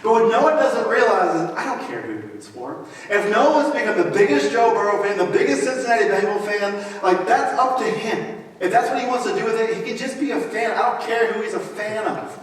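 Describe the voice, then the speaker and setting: A man's voice: high voice, expressive, fairly quick, recorded from a distance. Man preaching a casual, joking sermon. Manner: conversational, joking asides. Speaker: pastor. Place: large church auditorium. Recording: echoey hall, mic from afar.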